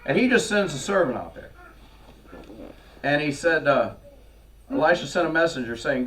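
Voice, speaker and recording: A man preaching a sermon in a church, telling scripture stories in a lively way and acting out the characters. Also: fairly high pitch, normal speed, pauses often. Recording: voice from far off the mic.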